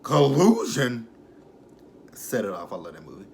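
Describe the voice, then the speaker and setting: A young man casually recapping a reality show, laughing and swearing freely and mocking the cast in quick asides. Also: mid-range voice, slight background noise. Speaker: YouTube reality-show reviewer.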